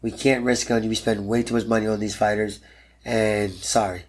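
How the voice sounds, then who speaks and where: A man's voice: lowish voice, little pitch movement, moderate pace. A man in his thirties, a pro fighter guest in an interview, telling a story bluntly and animatedly and swearing freely.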